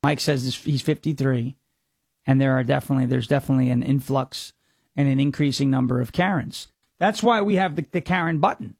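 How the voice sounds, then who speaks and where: A man's voice: mid-range voice, fairly quick, vocal fry, darkish tone, slightly rough, no echo, studio quality. A man from the United States hosting a political commentary podcast, mocking and sarcastic, rambling with many restarts. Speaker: host.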